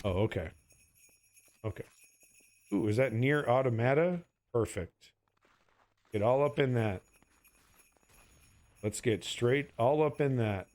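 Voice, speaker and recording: A drowsy man talks his way through a game stream at a slow, unhurried pace. His commentary is loose, goofy and full of swearing as he rambles from one thing to the next. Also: mid-range voice, a little mellow. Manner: goofy, profane, rambling banter. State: sleepy. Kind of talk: casual gameplay commentary.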